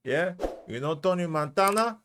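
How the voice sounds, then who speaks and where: A man's voice: high voice, animated, moderate pace, background noise. A British man giving casual, slangy commentary as he reacts to a music track, often asking "you know what I mean". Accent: British English.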